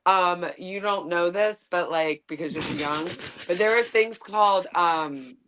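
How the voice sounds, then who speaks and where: A woman with a fairly low voice, chatting in a loose online conversation. She is wry and joking, and drifts into long, rambling stories. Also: unhurried, fairly bright tone, slight background noise. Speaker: guest co-host. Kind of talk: casual online chat.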